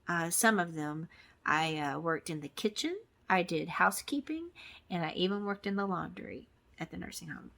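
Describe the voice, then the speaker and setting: A woman's voice: fairly low pitch, expressive, moderate pace, creaky, fairly bright tone. Chatty rambling woman vlogger. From Texas, USA. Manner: rambling, chatty, many ums and restarts. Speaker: crafting vlogger. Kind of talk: casual to-camera chat.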